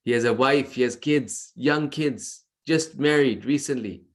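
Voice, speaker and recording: A man's voice: medium pitch, measured pace. Male devotional lecturer, earnest storyteller, video call audio. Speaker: devotional class speaker.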